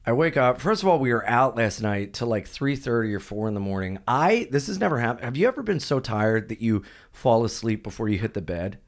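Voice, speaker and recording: A comedian appears as a guest on a studio podcast, telling a story in an animated, profane manner and flaring up quickly. His voice sits at a medium pitch.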